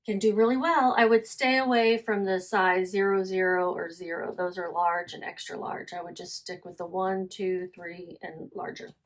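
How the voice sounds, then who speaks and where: A woman's voice: fairly low pitch, level tone, moderate pace, hardly any pauses. Chatty woman reviewing her sales. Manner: chatty, self-correcting, reads listing details aloud. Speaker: online reseller. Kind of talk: casual selling vlog.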